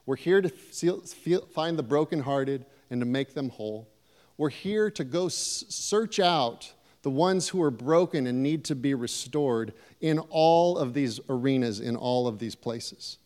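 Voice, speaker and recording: A man's voice: mid-range voice, expressive, measured pace, a little mellow. A middle-aged man preaching a sermon with emphatic, repeated declarations. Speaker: pastor. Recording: long hall reverb.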